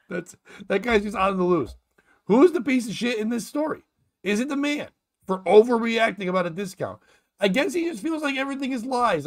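A man's voice: high voice, sing-song, brisk. A man hosting a casual comedic talk show, riffing and ranting with lots of swearing. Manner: profane, riffing, rambling rants. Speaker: podcast host.

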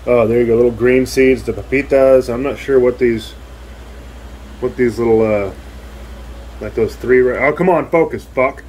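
A man's voice: medium pitch, moderate pace, pauses often, a little mellow, a little hiss or hum, low-quality recording. Rambling, cursing man vlogging at home. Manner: rambling, swears freely, chats to the viewer. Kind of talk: casual home vlog to camera. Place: at home, indoors.

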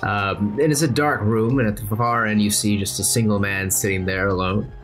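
A man's voice: on the low side, normal speed, faint music behind. A man narrating a tabletop game as game master, playful and joking. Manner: playful, deadpan jokes.

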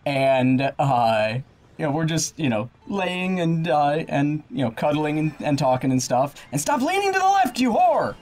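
Man yelling at a kart game. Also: on the high side, measured pace. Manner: loud excited outbursts at the game, swearing. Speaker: gaming channel co-host. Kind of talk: casual let's-play banter.

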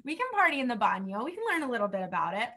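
A woman's voice: on the high side, big pitch swings, racing, bright, forceful tone. A woman teaching a playful lesson for kids on a livestream, exclaiming and coaxing the children along.

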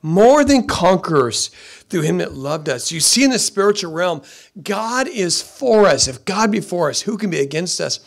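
Gravelly-voiced man preaching a sermon. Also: sits high, lively intonation, moderate pace, a bit bright. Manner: emphatic, repeats phrases. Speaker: pastor.

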